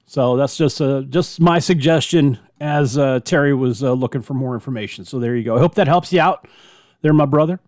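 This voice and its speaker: A man's voice: mid-range voice, brisk, darkish tone, no echo, clean studio sound. A man hosting a hobby podcast, chatting through listener email in a rambling way with many fillers and restarts. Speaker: podcast host. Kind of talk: casual chat answering listener email.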